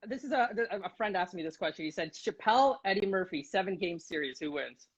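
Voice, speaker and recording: A man's voice: high-pitched, lively intonation, a little fast, husky. Enthusiastic male interviewer on a dull lo-fi line. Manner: enthusiastic, laughs often, many fillers. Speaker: interviewer, host. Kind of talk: casual interview chat. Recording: dull, lo-fi sound.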